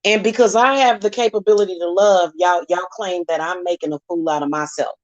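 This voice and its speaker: A woman speaks briskly and steadily in a fairly low voice, venting at her critics in a heated, profane vlog. She hosts her own channel as a spiritual reader; the audio is dull with no echo.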